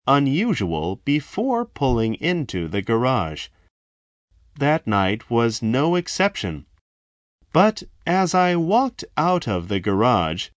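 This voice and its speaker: A man telling a first-person story in a slow, measured, dramatic way. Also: mid-range voice, a bit bright, no room sound, studio quality.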